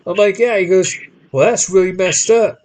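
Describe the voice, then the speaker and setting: A high-pitched man at normal speed hosts a podcast and relates a long story in casual conversation. He animatedly takes on changing voices for the people he quotes, rambling and frequently starting his sentences over. The recording is rough.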